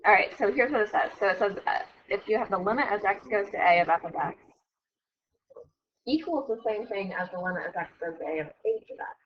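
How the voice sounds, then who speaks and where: A woman's voice: medium pitch, lively intonation, fairly quick. A woman teacher giving a casual classroom math lecture, chatty and often correcting herself. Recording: dull lo-fi recording.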